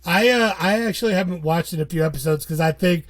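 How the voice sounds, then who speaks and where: A podcast co-host with a fairly high, fast male voice chats casually, rambling, cracking jokes, and laughing often.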